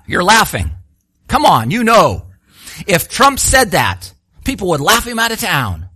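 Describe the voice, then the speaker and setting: A man preaching a sermon, animated and full of rhetorical questions, acting out the voices he quotes. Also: high voice, a little slow, slightly rough, no echo, studio quality.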